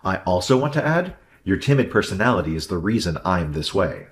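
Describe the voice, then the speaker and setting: A man voicing a deep-voiced arrogant husband. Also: very animated, brisk. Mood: scornful. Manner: dismissive and condescending, later whiny. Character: selfish husband, adult man, arrogant and blaming. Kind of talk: narrated drama story dialogue.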